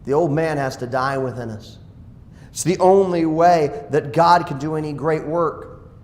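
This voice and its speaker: A male pastor preaching a sermon, dropping to quiet asides and rising to loud exclamations. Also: a little high, a little slow. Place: church sanctuary. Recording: echoey church hall.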